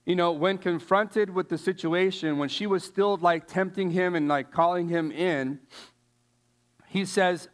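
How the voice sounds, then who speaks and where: A man giving a casual sermon, telling stories in an animated, slangy way with lots of fillers. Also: high voice, unhurried, smooth. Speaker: youth speaker.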